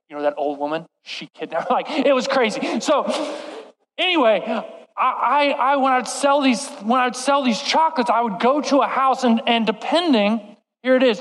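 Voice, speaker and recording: A young male preacher with a high, bright voice tells a story with animated, self-mocking energy. He slips into voices for the people in his story. A long reverb from a large hall trails his words. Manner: animated, self-deprecating, acts out quoted voices. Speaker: youth preacher. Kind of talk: storytelling sermon.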